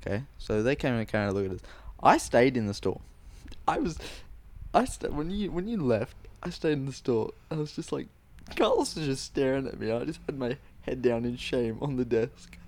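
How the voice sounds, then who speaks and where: A man co-hosting a podcast, telling a story in a casual, animated way, swearing a lot and acting out quotes. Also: mid-range voice, normal speed. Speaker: podcast co-host.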